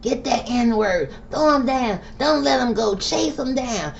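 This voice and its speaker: A woman imitating aggressive male police officers, barking commands in a raised, high voice. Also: lively intonation, unhurried, vocal fry. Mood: yelling. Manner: barked commands. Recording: dull lo-fi with faint hiss.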